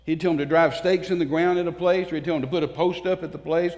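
A man's voice: fairly high pitch, steady tone, darkish tone. A man preaching a sermon to a church congregation, fervent and emphatic, repeating phrases for force. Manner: fervent, emphatic, with pauses and repetitions. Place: church sanctuary. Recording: long reverb of a church hall.

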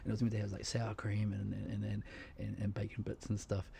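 A man's voice: lowish voice, completely flat delivery, fast talker, creaky, warm tone, slight background noise. A man, a podcast host in casual chat, rambling and laid-back, swearing freely and restarting his sentences.

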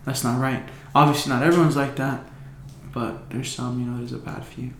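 A man's voice: mid-range voice, little pitch movement, moderate pace, a little hiss or hum. A young man telling a story in casual chat, loose and full of slang, swearing and fillers. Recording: echoey room.

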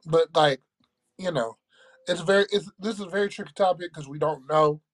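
A man co-hosting a casual podcast, talking in a measured, reflective way and often checking in with "right?". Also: on the high side. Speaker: podcast co-host. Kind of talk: casual chat.

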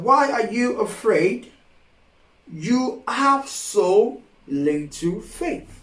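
A male preacher with a high voice delivers a slow, emphatic sermon, repeating his phrases and climbing into impassioned pleas. He sounds set back from the microphone in a room with a lot of echo. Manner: rising to impassioned shouted pleas. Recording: echoey room from far off.

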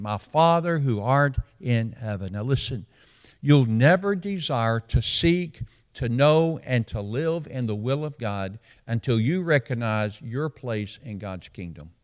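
A Southern pastor delivers a sermon in a mid-range man's voice. He leans on repetition, drops to a hush and then lifts his voice to drive a point home. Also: medium pitch. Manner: preacherly, repeats phrases for emphasis, swings between hushed and raised.

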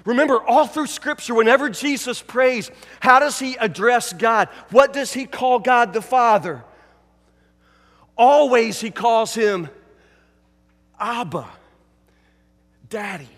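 A pastor giving a sermon, preaching emphatically and repeating key phrases, dropping from loud to hushed. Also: male voice, very high-pitched, unhurried, long reverb tail.

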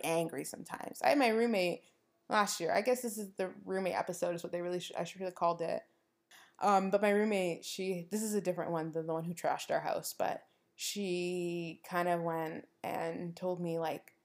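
A young woman hosting a podcast, talking casually and acting out what people said in her stories. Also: mid-range voice. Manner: animated storytelling, acts out quoted dialogue; frequent "like" fillers. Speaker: podcast host. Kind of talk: casual monologue.

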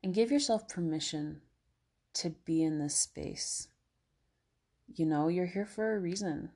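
A woman with a low, slightly breathy voice hosts a casual self-help podcast. She talks gently and encouragingly, full of everyday fillers, and at times eases into soothing guided relaxation. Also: unhurried. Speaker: podcast host.

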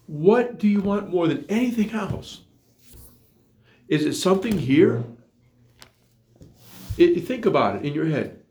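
A man's voice: high-pitched, very animated, a little slow, long pauses, a little mellow. A man preaching a sermon in an earnest, repetitive way, full of rhetorical questions, recorded in an echoey room.

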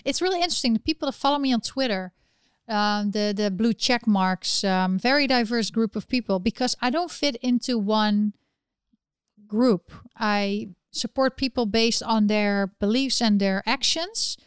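Chatty woman with a smooth, higher voice. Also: normal speed, no room sound, studio quality. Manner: chatty, opinionated, with frequent restarts. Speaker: live chat host. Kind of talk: casual livestream chat.

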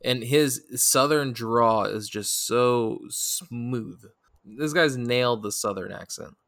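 A man co-hosting a casual movie review podcast, talking in a relaxed, halting way with many fillers. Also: mid-range voice, vocal fry, no room sound, studio quality. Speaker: podcast co-host.

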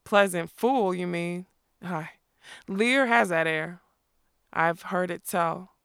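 Gruff rustic outlaw voiced by a woman, lower and gravelly, dry close sound. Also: slow, a bit bright, dry recording. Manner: growling, rustic speech. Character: gruff shrewd old outlaw, a man. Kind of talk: audiobook character voice.

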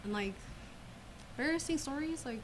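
A woman's voice: high-pitched, expressive, moderate pace, heavy background noise. A woman in a casual podcast chat, speaking candidly and filling her speech with "like".

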